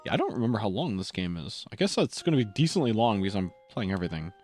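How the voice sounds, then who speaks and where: A man chatting casually as a streamer while playing, self-deprecating and quick to restart his sentences. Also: lowish voice, very animated, over music. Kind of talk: casual gaming commentary.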